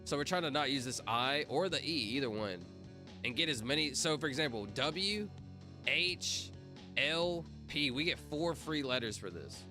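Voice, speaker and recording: A man chats loosely with his viewers on a live stream, and his voice swings up and down a lot as he talks. He spells words out letter by letter while music plays clearly behind him. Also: medium pitch, expressive, normal speed. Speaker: livestreamer. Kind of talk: casual livestream chat. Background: music playing.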